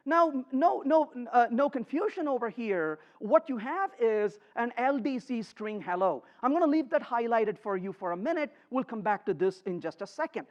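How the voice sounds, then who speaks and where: A man presents a live coding talk to a conference crowd, his pitch rising and falling in animated swings. He is emphatic and quips with the audience. The recording sounds slightly dull and muffled. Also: normal speed, hardly any pauses. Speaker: conference speaker.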